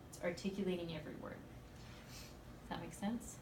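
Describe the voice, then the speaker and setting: A woman in her thirties, a speech teacher, giving a lively, emphatic classroom lecture with playful asides to her students. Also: on the low side, fairly quick, slight background noise. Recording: echoey classroom from far off, faint ambience.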